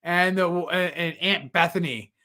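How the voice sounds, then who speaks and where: High, bright-voiced animated man chatting. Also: measured pace. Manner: animated, laughing while retelling scenes. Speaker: podcast co-host. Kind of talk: casual chat.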